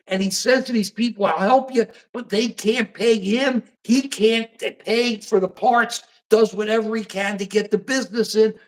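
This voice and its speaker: Older american guy hosting a talk show, kinda high voice, rambles and acts stuff out. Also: poor audio. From United States. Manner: animated, rambling, acts out dialogue. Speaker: podcast host. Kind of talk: casual political talk show.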